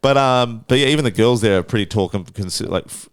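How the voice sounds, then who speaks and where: A man co-hosting a podcast, spinning travel stories with plenty of swearing and acted-out voices. His voice is smooth and clear, and the sound is dry and close. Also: fairly low pitch, fast talker, no echo. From Australia. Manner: animated, swears a lot, acts out voices in anecdotes. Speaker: podcast co-host. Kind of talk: casual storytelling chat.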